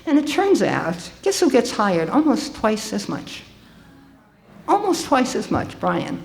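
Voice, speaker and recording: Older woman, conference speaker; lively, conversational delivery with ums and restarts. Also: on the high side, takes it slowly, creaky. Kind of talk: conference talk. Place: conference hall.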